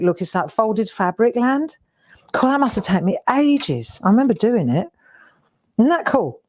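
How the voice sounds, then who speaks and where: A middle-aged woman with a medium-pitched, darkish voice hosts a craft live stream. She chats casually and exclaims while looking through old keepsakes.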